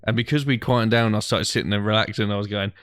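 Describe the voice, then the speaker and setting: A man's voice: fairly low pitch, fast talker, clean tone, no room sound. A man co-hosting a podcast, telling a rambling anecdote in casual chat, swearing and acting out his friends' lines. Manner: animated, swears freely, acts out friends' lines. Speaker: podcast co-host.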